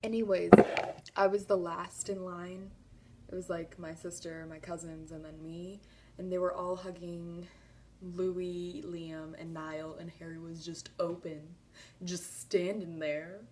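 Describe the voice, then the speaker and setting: A young woman in a casual vlog, excitedly retelling a fan story with lots of "like" and sudden squeals. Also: on the low side, unhurried, slight background noise. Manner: gushing, breathless retelling with filler "like". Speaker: vlogger.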